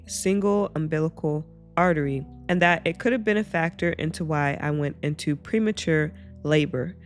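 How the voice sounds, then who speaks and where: Expressive woman reading stories aloud. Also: fairly low pitch. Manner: animated asides between reading. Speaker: reddit story reader and reactor.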